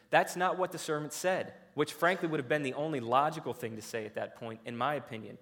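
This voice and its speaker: A man preaching a sermon retells a parable in a lively, conversational way, frequently restarting his sentences. His voice is a little high, quick, with hardly any pauses.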